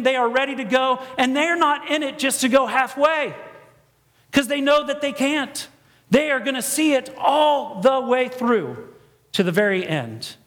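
A man preaching a storytelling sermon in a church, animated and acting out bits of dialogue in different voices. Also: very high-pitched. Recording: long echoey church reverb.

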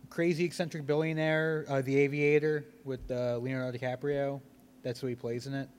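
A man's voice: medium pitch, flat delivery, brisk, darkish tone, clear, resonant tone. A man on a podcast panel in casual chat, sharing trivia with a dry sense of humor.

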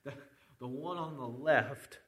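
A man's voice: medium pitch, measured pace, crowd noise. A man earnestly retelling a Bible story in a conversational faith discussion, quoting scripture as he goes.

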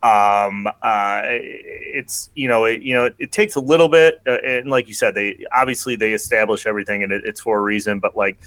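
A man co-hosting a podcast, chatting casually and halting with lots of fillers and restarts. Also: fairly low pitch, fairly bright tone, no room sound. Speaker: podcast co-host. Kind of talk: casual chat.

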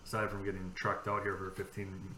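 Bright-voiced man telling rambling stories. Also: sits low, monotone, fairly quick. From California. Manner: rambling storyteller, swears freely, acts out dialogue. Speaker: podcast co-host. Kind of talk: casual chat. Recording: echoey room with faint background noise.

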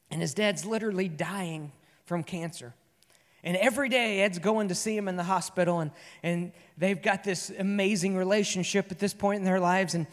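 A man preaching a sermon as pastor, telling a story earnestly and moving between loud and soft delivery. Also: sits high, in a large hall. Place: church sanctuary.

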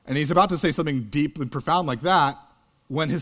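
A man's voice: on the high side, fast talker. A man in his thirties, a pastor, telling a story in a sermon in an earnest, conversational way. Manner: earnest, conversational, builds to loud animated peaks.

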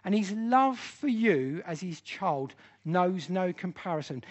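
A man's voice: high voice, lively intonation, slow pace, few pauses, highs cut off. A man teaching a church Bible study class, speaking earnestly and with emphasis.

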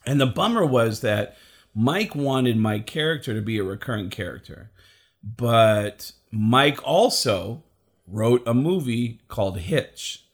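A man, a comedian and impressionist, telling a story in a casual, animated way. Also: medium pitch, slow pace, breathy edge. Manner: animated, acts out the voices of people in his stories.

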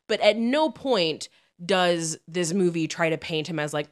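A woman's voice: lowish voice, expressive, a little slow, fairly bright tone. A woman co-hosting a podcast in casual chat, rambling with lots of fillers and frequent laughs. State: lingering brain fog from illness. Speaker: podcast co-host.

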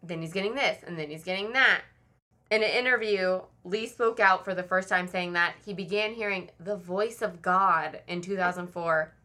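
Woman, podcast host, bright voice; true-crime chat, reads from notes, chatty asides. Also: lowish voice, moderate pace.

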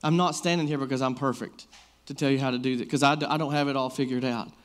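A man's voice: mid-range voice, fairly even intonation, fast talker, clear, resonant tone. A man in his thirties preaching a casual sermon, telling personal stories in a loose, conversational way full of fillers. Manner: conversational, storytelling, many fillers like "like".

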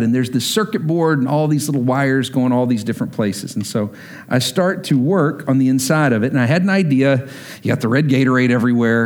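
A man from Texas preaching a sermon, telling a family story in a lively way and acting out the voices of the people in it. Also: medium pitch. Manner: animated, acts out family members' voices. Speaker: pastor.

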